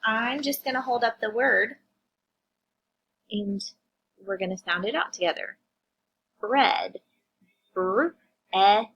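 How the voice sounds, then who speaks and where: A woman teacher reviewing vocabulary and phonics with young children, sounding words out slowly and asking them questions. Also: on the high side, vocal fry, a bit bright, breathy edge, dull audio. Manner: slow, drawn-out phonics sounding-out, addressing kids.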